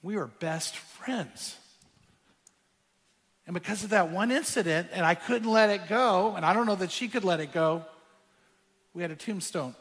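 A man preaching in a large church hall, his fairly high, bright voice carrying a long reverb. He tells a story, dropping to a hush and then rising to emphatic points, with soft music underneath. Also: normal speed, pauses often. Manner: storytelling, shifting from hushed to emphatic. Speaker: pastor. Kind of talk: sermon.

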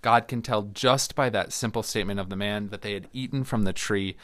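A man's voice: fairly low pitch, brisk, fairly bright tone, no echo. A middle-aged man, a Lutheran pastor, teaching a Bible study in a conversational way and reading scripture aloud. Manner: conversational, restarts and fillers, acts out quoted voices.

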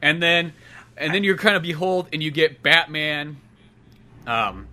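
Bright-voiced, rambling podcast host. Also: male voice, on the high side, expressive, measured pace. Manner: rambling, swears a lot, acts out exaggerated voices. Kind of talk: casual chat.

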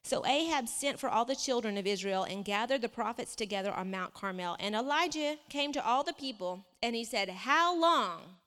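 A woman preaching a sermon, reading scripture aloud with lively asides. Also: a little high, moderate pace, hardly any pauses. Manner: animated, reads scripture aloud with asides and laughs. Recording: long reverb of a hall.

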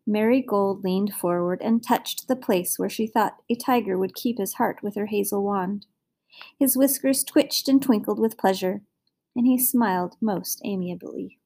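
A woman reading a fairy tale aloud as narrator, in an expressive storybook manner. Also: medium pitch, a little slow.

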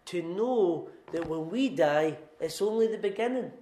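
A middle-aged Scottish pastor preaches with earnest, emphatic storytelling, hammering home repeated phrases. His voice sits fairly high for a man. The sound bounces around an echoey church hall. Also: expressive, unhurried, warm tone. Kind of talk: sermon. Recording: echoey room.

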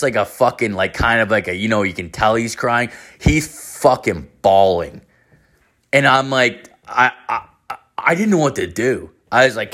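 A man's voice: medium pitch, fairly bright tone. A man in his thirties hosting a podcast, telling a story in a rambling, profane way full of fillers. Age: 30s. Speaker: podcast host. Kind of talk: casual storytelling monologue.

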